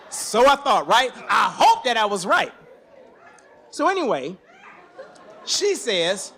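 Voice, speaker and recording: A man telling a personal story on stage in an animated, conversational, slangy way. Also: high voice, measured pace, long pauses. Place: stage at a museum event.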